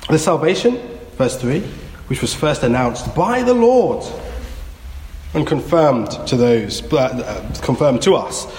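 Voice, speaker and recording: A man's voice: medium pitch, very animated, slow, darkish tone. A man preaching a sermon, earnest and exhorting, repeating his key phrases. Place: church. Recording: echoey church hall, faint noise.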